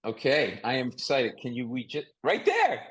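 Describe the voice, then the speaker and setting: A man hosting a casual comedic chat over a video call, with a nasal voice, telling jokey stories in an animated way. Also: medium pitch, fairly quick, rough recording. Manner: animated storyteller, joking. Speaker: podcast host.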